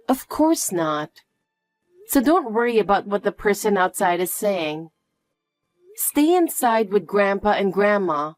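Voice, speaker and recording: Woman storyteller, reassuring mother voice; lively pitch, slow delivery. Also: dry recording, soft background music. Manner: soft, soothing and reassuring. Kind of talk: scripted story narration.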